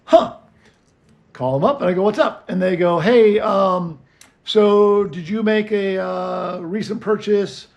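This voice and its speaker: Male co-host, high gravelly voice, animated storyteller. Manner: animated, acts out both sides of phone calls. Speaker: podcast co-host. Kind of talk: casual storytelling chat.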